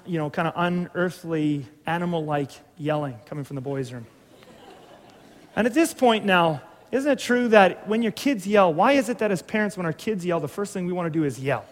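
A middle-aged man preaching a sermon, telling a story in a conversational, humorous way with many restarts. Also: sits high. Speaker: pastor. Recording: reverberant hall.

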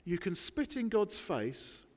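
A man preaching a sermon, emphatic, with dramatic pauses between words. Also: sits high, very animated, darkish tone, in a large hall. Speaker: pastor. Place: church.

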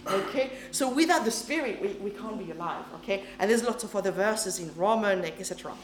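Her mid-range voice has lively intonation and runs a little fast as she preaches emphatically in English, not her first language. She regularly checks in with the congregation, and the echoey church hall carries slight background noise.

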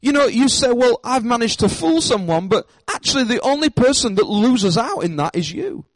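High-voiced man preaching a sermon. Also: big pitch swings, normal speed, dry recording, poor audio. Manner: emphatic, repeats key phrases. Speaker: pastor. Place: church.

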